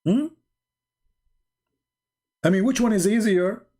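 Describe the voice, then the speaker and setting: Sarcastic man with dark voice. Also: high-pitched, slow. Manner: sarcastic, non-native grammar, shifts between loud and quiet. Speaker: online commentator. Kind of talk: mocking commentary.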